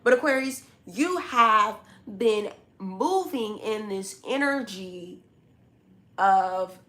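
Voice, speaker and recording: A woman's voice: mid-range voice, lively intonation, slow pace, a bit bright. A woman doing a zodiac tarot reading to camera, talking straight at the listener in a blunt, scolding way, with casual slang and repeated points. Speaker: tarot reader.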